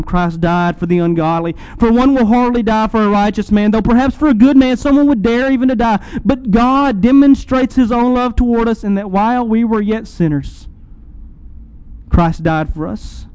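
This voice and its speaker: A man preaching a sermon, building to emphatic swells and easing into slow, quiet pauses. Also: high voice, clean tone, low-quality recording. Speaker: pastor.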